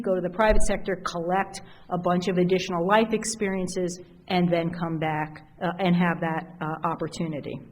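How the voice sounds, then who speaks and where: Chatty, animated woman giving a keynote. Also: on the low side, low-quality recording. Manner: conversational, animated storytelling with fillers. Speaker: keynote speaker. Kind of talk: conference keynote speech. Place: conference hall.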